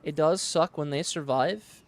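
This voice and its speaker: A man's voice: a little high, a little slow. Man thinking aloud over gameplay. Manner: thinking aloud, relaxed and matter-of-fact. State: sleepy, yawning. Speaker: streamer. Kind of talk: casual gameplay commentary. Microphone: studio dynamic mic.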